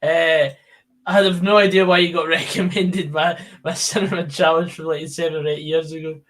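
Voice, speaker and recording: A man co-hosting a casual football chat, relaxed and amused. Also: a little high, moderate pace.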